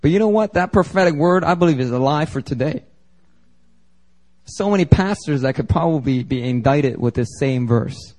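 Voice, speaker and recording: A man's voice: fairly high pitch, animated, moderate pace, a little mellow. Man from Philadelphia, pastor, lighter voice; punchy sermon delivery mixed with loose slangy banter to the congregation. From Philadelphia, United States. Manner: emphatic, conversational preaching with slang asides. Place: church service before a congregation.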